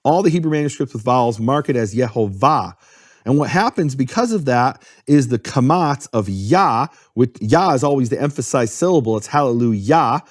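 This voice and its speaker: A man's voice: mid-range voice, expressive, normal speed, no echo. A man with a mid-range voice talks through a topic in an earnest, explanatory way, defining each term as he goes. The sound is dry and close, with no room around it. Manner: earnest, explanatory, spells out terms. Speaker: guest explaining Hebrew. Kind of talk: conversational explanation.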